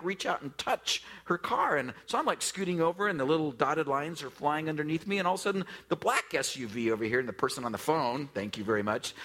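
Lively, joking man preaching a sermon. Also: a little high, a little hiss or hum. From US West Coast. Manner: conversational, jokey storytelling with many fillers; acts out quoted voices, drops to a hush for emphasis. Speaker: pastor.

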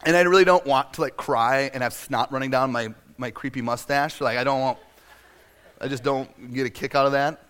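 A man preaching a sermon in a conversational, storytelling way, acting out scenes and sometimes shouting for effect. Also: mid-range voice, little pitch movement, moderate pace. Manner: conversational and self-deprecating, with frequent fillers. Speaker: pastor.

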